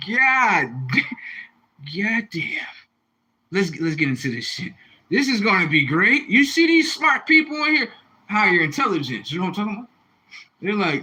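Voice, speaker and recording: Brief: male livestream host, husky and bright, loose and profane. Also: sits high, normal speed, pauses often, poor audio. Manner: profane, animated, rambling, reads viewer comments. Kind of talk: casual livestream chat.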